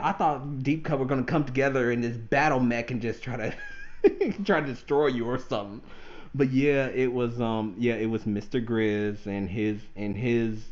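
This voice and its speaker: Male podcast host, mid pitch, animated casual talk, slightly muffled recording. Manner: animated, laughs often, acts out quotes. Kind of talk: casual chat.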